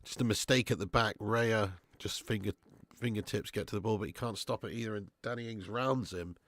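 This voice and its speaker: A man's voice: on the low side, fairly quick, fairly bright tone, dry recording. A man hosting a casual live watch-along stream, bantering with chat, reading out super chats and swearing freely.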